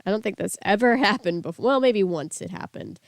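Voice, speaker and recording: Fairly quick and expressive, this medium-pitched female voice belongs to a young streamer having a casual live chat with her audience. She laughs a lot, reads chat out loud, and has a lingering cough that suggests she's a bit under the weather. The studio-quality recording has no echo.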